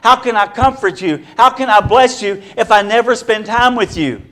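A man's voice: extremely high pitch, normal speed, fairly bright tone. A man preaching a sermon to a congregation, earnest and repetitive, building his point through rhetorical questions.

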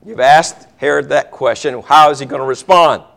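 A man's voice: medium pitch, fairly even intonation, moderate pace, gravelly, fairly bright tone. Dramatic storytelling male preacher. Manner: dramatic storytelling, acting out characters. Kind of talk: sermon.

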